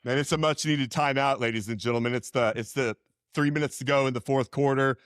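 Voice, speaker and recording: A man co-hosting a podcast in casual chat, excitable and quick to say dude and man. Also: medium pitch, clean tone, no room sound, clean studio sound. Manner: lively and excitable, calls people dude and man. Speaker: podcast co-host. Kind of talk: casual talk show chat.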